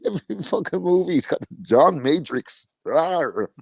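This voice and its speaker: A man's voice: high voice, expressive, moderate pace, vocal fry, darkish tone, husky, no room sound. A man co-hosting a podcast, telling rambling stories full of swearing and laughter. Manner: rambling, profane, laughing storyteller. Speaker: podcast co-host. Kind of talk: casual podcast banter.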